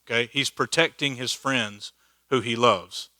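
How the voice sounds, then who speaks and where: A man's voice: mid-range voice, unhurried, bright, forceful tone, dry recording. A man teaching a church Bible study in a conversational, joking way, laughing at his own asides. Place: church hall.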